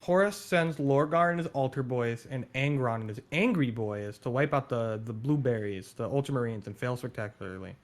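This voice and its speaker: A man in casual chat, excitedly explaining game lore, swearing and going on tangents. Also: mid-range voice, normal speed, hardly any pauses.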